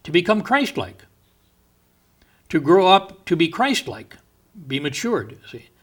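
A male pastor preaching a sermon in church, talking with asides and chuckles, slowing down to stress the scripture he reads. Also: fairly high pitch, big pitch swings, a bit bright.

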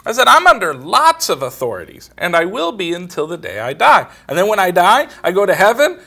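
Man, middle-aged, sermon, bright tense voice, slightly high pitch, storytelling. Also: huge pitch swings, brisk, creaky. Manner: plain storytelling, quoting others in conversation. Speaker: preacher.

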